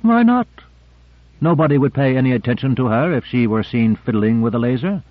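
A man's voice: mid-range voice, lively intonation, brisk, no echo, narrow, tinny audio, lightly acted. Male reader playing sardonic probing man, sly, dry phone-thin audio.

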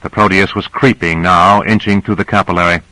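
Bright-voiced male audiobook narrator. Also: sits low, fairly even intonation, no room sound, poor audio. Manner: measured storytelling.

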